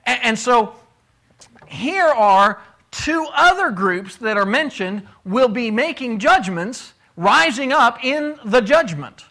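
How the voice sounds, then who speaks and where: A man with a high, bright, ringing voice teaches a Bible class in an easy, conversational way. He keeps turning to his listeners with questions. He sounds middle-aged. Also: expressive, slow pace. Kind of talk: casual Bible class lesson.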